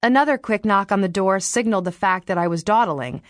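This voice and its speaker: A woman's voice: medium pitch, a little fast, dry recording, studio quality. Wry woman narrating an audiobook. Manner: wry, expressive storytelling. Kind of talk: scripted first-person narration. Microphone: studio microphone.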